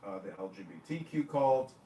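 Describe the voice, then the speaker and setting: A man's voice: mid-range voice, lively intonation, a little fast, dark tone. A man hosting a livestream chat as a mayoral candidate, talking in a crude, rambling, mocking way. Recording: echoey room, distant mic, faint noise.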